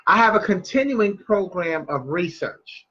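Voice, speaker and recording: A man voicing a cool-headed, proud mother of four who speaks deliberately and stresses her words. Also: high-pitched, muffled recording, pitched above the performer's own voice, exaggerated voice. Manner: calm, deliberate, emphatic.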